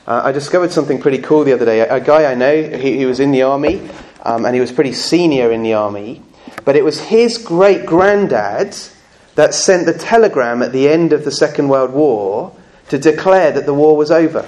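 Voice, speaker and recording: Preaching at a church service, this man has a mid-range, slightly mellow voice with lively intonation. His sermon is earnest yet conversational, marked by slow, emphatic phrasing and bits of humour.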